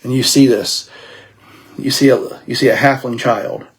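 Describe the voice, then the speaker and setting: A man's voice: medium pitch, fairly even intonation, measured pace, breathy edge. A man as dungeon master, narrating a streamed tabletop game in vivid, gory detail.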